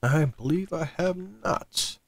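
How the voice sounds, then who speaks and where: A man's voice: fairly high pitch, slow, slightly rough, dry recording. A man hosting a let's play, joking casually and reading out game text. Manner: laid-back, joking. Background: game music.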